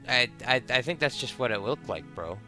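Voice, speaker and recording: A man's voice: mid-range voice, a little fast. A man streaming a video game, chatting casually and joking with a friend as he plays. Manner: relaxed, joking, reads game text aloud. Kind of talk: casual let's-play chat. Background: game music.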